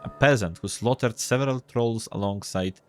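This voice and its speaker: A man's voice: mid-range voice, moderate pace, soft background music. A man casually commenting on a game as he plays, joking and swearing as he reads the text aloud. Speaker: gameplay video host.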